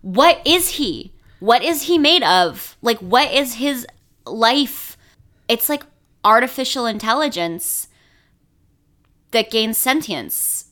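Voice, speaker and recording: Female co-host, bright tone, brisk analytical chat. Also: a little high, lively intonation. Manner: quick, analytical, profane. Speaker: podcast co-host. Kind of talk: casual chat.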